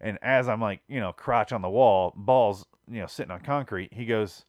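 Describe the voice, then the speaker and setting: A man's voice: on the low side, fairly quick, hardly any pauses, dry recording. A man hosting a podcast, telling a comic story in a rambling, profane, exasperated way. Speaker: podcast host. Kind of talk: casual comedic storytelling.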